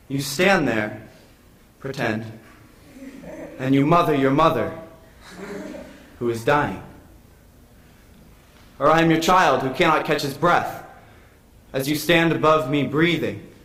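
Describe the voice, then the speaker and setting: An actor performing a stage monologue as a lonely, brooding actor, slow, musing and wistful. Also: male voice, medium pitch, fairly bright tone, a little hiss or hum. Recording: echoey stage recording.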